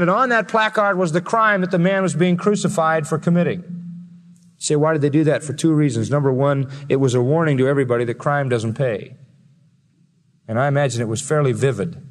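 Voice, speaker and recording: A man preaching a sermon as pastor, emphatic, building to loud peaks and slowing down to stress key words. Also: mid-range voice. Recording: long reverb of a large hall.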